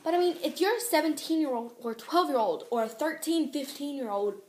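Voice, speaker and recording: A teenage girl vlogging in a casual, exasperated rant, chatty and quick to complain. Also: high voice. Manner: ranting, exasperated, fast and chatty. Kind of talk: casual chat to camera. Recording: echoey room.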